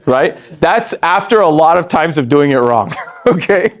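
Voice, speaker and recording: A man in his forties running a live training session for a sales team, animated and joking, laughing often and talking straight to the room. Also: on the high side, fairly quick. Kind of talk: live training talk to an audience.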